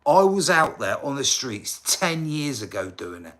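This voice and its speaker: A man's voice: mid-range voice, big pitch swings, a little slow, a bit bright. An English man on a casual livestream, rambling and talking straight to his chat viewers, now and then flaring up in indignant bursts.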